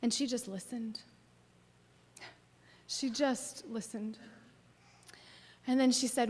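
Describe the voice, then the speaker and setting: Expressive woman pastor in echoing church. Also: on the high side, slow pace, long pauses, slightly rough. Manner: expressive, swings from lively to soft near-whisper. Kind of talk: sermon with personal storytelling. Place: church sanctuary. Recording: long church hall reverb.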